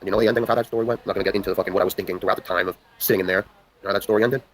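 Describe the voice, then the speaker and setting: A young man races through a long story at a very fast clip, with a low voice that swings between loud outbursts and hushed asides. He swears constantly and rambles from one point to the next. A faint hiss of background noise sits under his voice. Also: fairly even intonation, rough recording. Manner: profane, rambling, intense. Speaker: livestream host.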